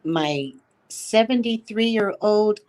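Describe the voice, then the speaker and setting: A woman co-hosts a relaxed livestream, her voice mid-pitched. She talks in a loose, chatty way with fillers. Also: very slow. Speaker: livestream co-host. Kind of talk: casual livestream chat.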